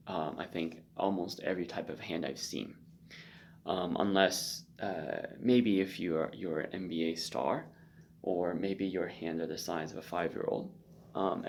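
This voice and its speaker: A man giving a spoken violin lesson, loose and conversational, often checking in with a quick "okay?". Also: fairly low pitch, slight background noise. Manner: loose and conversational, frequent ums and check-in okays. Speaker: violin teacher. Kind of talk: spoken instruction with demonstration.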